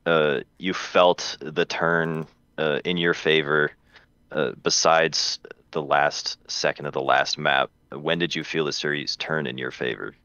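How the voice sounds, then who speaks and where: Male co-caster, low and dry voice, halting analysis with lots of fillers. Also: fairly even intonation, pushed and bright, smooth, dry recording, muffled recording. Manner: halting, many fillers and restarts. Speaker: esports co-caster. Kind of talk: colour commentary.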